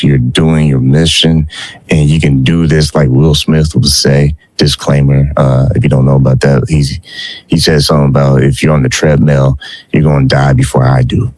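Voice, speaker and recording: Very deep-voiced male radio host. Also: a little mellow, no echo. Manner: easygoing and chatty, with asides. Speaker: radio and online show host. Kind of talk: show host plugging a guest.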